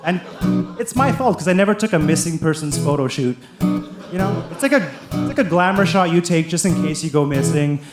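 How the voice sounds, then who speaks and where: A man's voice: fairly high pitch, fairly quick. A young man performing stand-up comedy with sung bits, acting out scenes in squealing voices. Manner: theatrical, acts out voices in rising squeals. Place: comedy venue stage. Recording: roomy live venue sound. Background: guitar and live audience.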